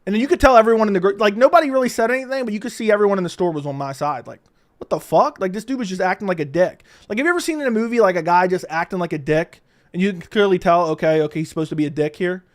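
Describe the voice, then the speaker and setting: Man, livestream host, profane animated storyteller, slightly high voice, studio mic. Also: very fast.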